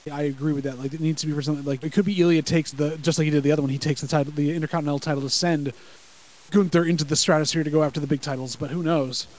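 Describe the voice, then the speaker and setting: A man chatting on a podcast with friends, talking fast and tumbling from one thought to the next. His voice sits a little high for a man, and he gets eager and a bit crude now and then, like a fan hanging out on a call. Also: steady tone, darkish tone, low-quality recording. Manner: rapid, enthusiastic rambling with profanity. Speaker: podcast co-host. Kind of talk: casual live-reaction chat.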